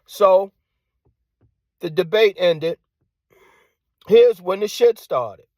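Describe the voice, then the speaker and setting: A man rants in a combative monologue, hammering the same lines again and again and throwing out rhetorical questions. His voice sits fairly high, at times sinking to a hushed tone. The recording is close and dry, with no room sound. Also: drawn-out words, dry recording. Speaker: commentator. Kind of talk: ranting monologue.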